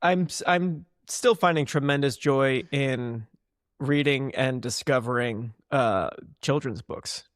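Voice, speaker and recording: A man's voice: medium pitch, takes it slowly, no echo. A man in his thirties tells dry, wry stories as a podcast co-host, recorded close with almost no room sound. He acts out little bits in silly voices as he goes. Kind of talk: casual chat.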